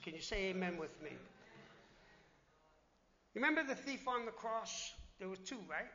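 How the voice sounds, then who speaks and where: A man preaching a sermon in an animated, plainspoken way, dropping low and quiet for solemn points. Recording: slightly dull recording with faint noise.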